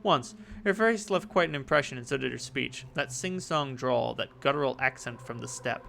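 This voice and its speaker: A brooding, suspicious young nobleman heir, read out by a man in his everyday voice. The voice is gravelly and sits at a middle pitch. A steady noise hiss runs under it. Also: moderate pace. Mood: uneasy. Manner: reads game dialogue aloud in his own voice.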